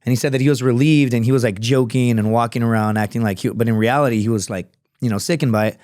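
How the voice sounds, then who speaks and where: A man who was a Marine and a fighter rambles casually through a story as a podcast guest, cursing and filling gaps with fillers. His voice sits at medium pitch, a little mellow, with fairly even intonation and a quick pace, in a dry, clean studio recording.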